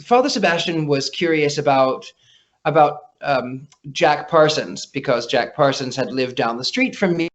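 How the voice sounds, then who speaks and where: A man's voice: fairly high pitch, lively intonation, moderate pace, lo-fi sound. A man talking as a guest psychic in a casual interview, telling stories with lots of restarts over a remote call. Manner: chatty storyteller, frequent restarts.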